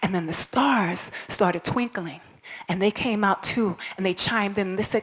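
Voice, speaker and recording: A woman storyteller speaking live to an audience at a school ball, expressive and coaxing, asking listeners to repeat words after her. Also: mid-range voice, moderate pace, husky.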